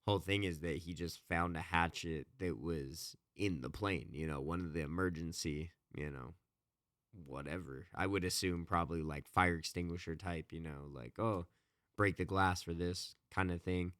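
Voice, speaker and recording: Deep-voiced man rambling through a retelling. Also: normal speed, a bit bright, no room sound, clean studio sound. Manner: rambling, many fillers and restarts. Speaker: podcast co-host. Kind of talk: casual chat retelling a book.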